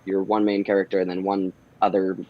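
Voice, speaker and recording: A man who works as a voice actor, chatting casually as an interview guest, relaxed and rambling with lots of pauses and restarts. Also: low voice, lo-fi sound, over a noisy crowd. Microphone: home recording booth.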